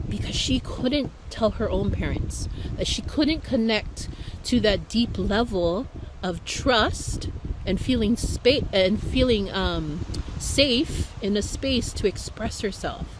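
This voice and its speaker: A woman from Hawaii tells a personal story as a speaker in an online talk, sounding heartfelt and reflective. She goes unhurriedly and uses fillers, her voice a little high, with background noise in the clip.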